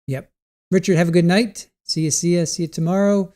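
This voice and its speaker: Mellow-voiced man hosting a livestream. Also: high-pitched, fairly even intonation, fairly quick. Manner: rambling, reads viewer comments aloud. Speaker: livestream trial commentary host. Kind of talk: casual livestream chat.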